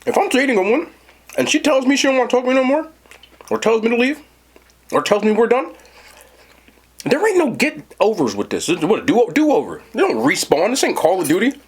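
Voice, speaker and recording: A mukbang host with a very high-pitched, husky voice talks briskly but leaves long pauses as he casually tells a story to his live chat. He's animated and speaks directly to the viewers.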